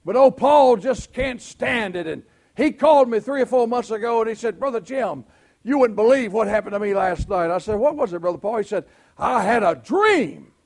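A Southern preacher with a high, gravelly voice that leaps up and down as he preaches. He talks in a folksy storytelling way and rises to full shouts at the peaks of the sermon. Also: expressive, normal speed. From Southern United States. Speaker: pastor.

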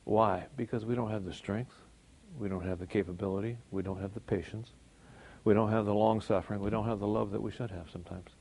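A man's voice: fairly low pitch, fairly even intonation, a little fast, a little mellow, husky. A man giving an informal sermon, talking conversationally, chuckling often and joking about himself. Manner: conversational, chuckles often, jokes at his own expense. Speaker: Christian speaker.

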